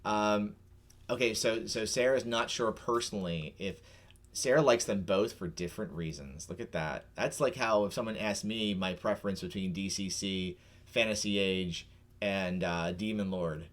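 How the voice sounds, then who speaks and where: A man's voice: lowish voice, normal speed. A middle-aged man hosting a casual talk show, rambling and restarting as he chats and patiently explains things. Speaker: podcast host. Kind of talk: casual chat.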